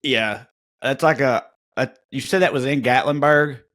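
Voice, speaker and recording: A man, co-hosting a podcast in casual chat, rambling and halting as he talks. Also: medium pitch, fairly bright tone. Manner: rambling, halting, many fillers. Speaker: podcast co-host.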